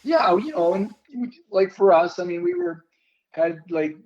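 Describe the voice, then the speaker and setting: An older man looking back in an interview, speaking in a measured, searching manner with a fairly high voice. The recording is dull and lo-fi. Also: big pitch swings, darkish tone. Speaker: former hockey player. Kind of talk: reflective interview.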